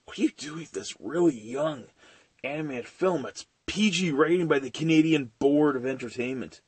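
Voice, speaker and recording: A man's voice: on the high side, moderate pace, husky, no room sound. A man in his late twenties giving a rambling, profane, casual film review with frequent laughs. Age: late 20s.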